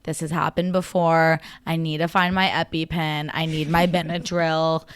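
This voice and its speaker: A young woman co-hosting a podcast, telling a story in casual chat, laughing and at times dropping to a low mutter. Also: level tone, moderate pace, clear, resonant tone. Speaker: podcast co-host.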